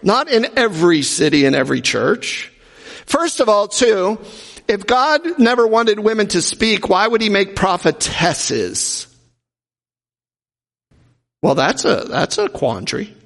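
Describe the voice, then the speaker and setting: Male preacher, high gravelly voice, chatty sermon style, hall reverb. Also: big pitch swings, a little slow, fairly bright tone. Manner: conversational, jokey asides, acts out quoted voices. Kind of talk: informal sermon.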